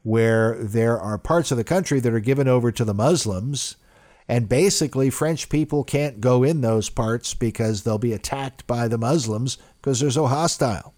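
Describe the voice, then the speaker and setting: A man's voice: mid-range voice, moderate pace. A man delivering a political commentary monologue in an emphatic way. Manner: emphatic, rising loudly when quoting.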